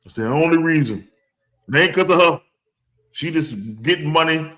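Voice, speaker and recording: A man's voice: on the high side, normal speed, fairly bright tone, rough recording. A man with a New Orleans accent, co-hosting a sports podcast in casual, profane chat, laughing often. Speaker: podcast co-host.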